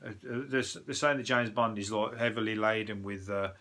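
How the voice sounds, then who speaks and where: Sweary Birmingham comedian, bright voice. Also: male voice, fairly low pitch, fairly even intonation, brisk. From England. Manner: rambling, sweary, joking asides with frequent fillers. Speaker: comedian and podcast host. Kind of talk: casual news review chat.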